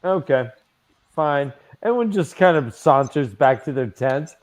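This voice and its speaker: Animated man hosting a casual podcast. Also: a little high, a little slow. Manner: reads book passages aloud with playful mock voices, laughs often. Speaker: podcast host. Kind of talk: casual book discussion podcast.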